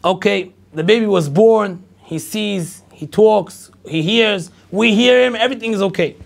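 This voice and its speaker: A middle-aged rabbi tells a long personal story to an audience, lively and full of repetition. His voice sits high for a man and has a gravelly, creaky edge. He acts out everyone's lines as he goes. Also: unhurried. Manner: animated storyteller acting out dialogue, repetitive. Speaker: rabbi lecturer.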